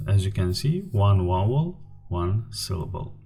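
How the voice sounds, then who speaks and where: Slow, husky-voiced male language teacher. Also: sits low, big pitch swings, dark tone, faint music behind. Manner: patient, repeats example words slowly. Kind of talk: slide-based language lesson.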